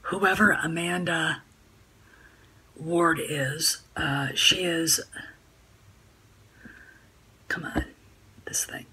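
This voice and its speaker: Indignant rambling woman vlogger, low voice. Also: extremely slow, pauses often, pushed and bright, slight background noise, rough recording. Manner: rambling, indignant, full of fillers and restarts. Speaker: YouTube vlogger. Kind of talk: casual talking-head vlog. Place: home room by a sunny window.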